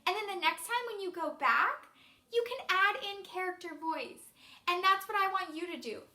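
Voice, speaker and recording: A woman teacher talks encouragingly to young students in a remote reading lesson. Her voice is high and bright and moves around a lot. The room gives it an echo. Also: animated, normal speed.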